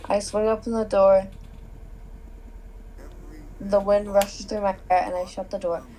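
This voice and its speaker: A young woman reading fanfiction aloud as a co-host, in a flat, halting way. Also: medium pitch, poor audio.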